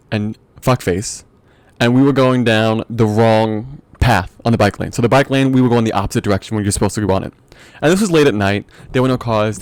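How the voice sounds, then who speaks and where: A man's voice: medium pitch, no room sound. A young man hosting a podcast, telling a comic rant in a profane, exasperated way and laughing often. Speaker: podcast host. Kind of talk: comedic storytelling rant.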